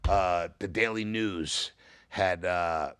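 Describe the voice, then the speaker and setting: A man's voice: sits low, slow, fairly bright tone, clean tone. An older man, a father co-hosting a casual podcast, blunt and teasing. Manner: blunt, teasing, short replies. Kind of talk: casual family chat.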